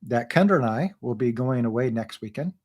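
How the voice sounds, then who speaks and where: A man's voice: medium pitch, expressive, a little fast, darkish tone, breathy edge. A man in his thirties co-hosting a casual livestream, greeting viewers and reading their comments aloud with frequent laughs. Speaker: livestream co-host.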